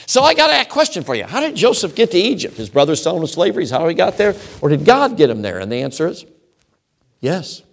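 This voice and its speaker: A man's voice: on the high side, wildly swooping pitch, fast talker, creaky. Middle-aged preacher guy, sermon mode, voice swinging all over, punchy repeated lines. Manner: emphatic, repeats phrases in rhythmic lists. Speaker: traveling preacher.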